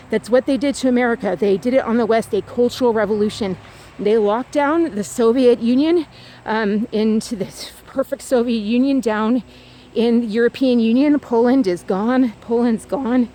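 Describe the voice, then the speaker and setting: A woman with a high voice talks to her viewers while walking outdoors. Her speech wanders from point to point, stacked with fillers and false starts, and is picked up on a handheld phone. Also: brisk. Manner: rambling, loose, full of fillers and restarts. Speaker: vlogger. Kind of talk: rambling walking vlog.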